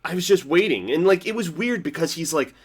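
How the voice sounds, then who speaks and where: A man giving a casual reaction review of a TV episode, rambling with lots of "like" fillers and restarts, swinging between excited and quiet. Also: fairly high pitch, brisk, husky. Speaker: TV show reviewer.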